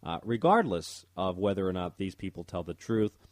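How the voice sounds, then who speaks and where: Man, very low voice, rambling talk radio host, dry close mic. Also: sing-song, normal speed, no echo. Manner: rambling, stumbles over words, reads articles aloud.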